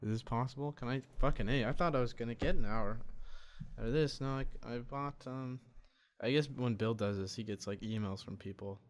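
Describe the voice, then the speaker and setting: A young man runs a solo podcast in a dark room, speaking softly as he usually does, in a medium pitch at a slightly fast clip. What he says comes out as a frustrated, swear-laden ramble with many restarts.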